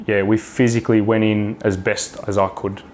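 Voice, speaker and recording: Frank, low-voiced Australian man. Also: level tone, normal speed, a little mellow, a little hiss or hum. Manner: frank, swears freely, many restarts and fillers. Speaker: guest. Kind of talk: casual podcast chat.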